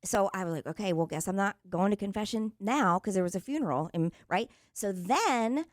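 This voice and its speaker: A woman's voice: mid-range voice, expressive, brisk, dry recording, studio quality. A woman radio co-host with a Southern American accent telling a rambling personal story in casual chat.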